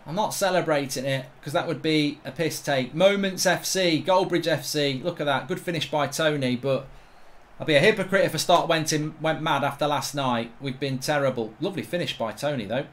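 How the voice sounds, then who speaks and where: A middle-aged man commentating on his own football video game, grumbling and swearing one moment and yelling the next. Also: a little high, fairly quick. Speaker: gaming streamer. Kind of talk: live gameplay commentary.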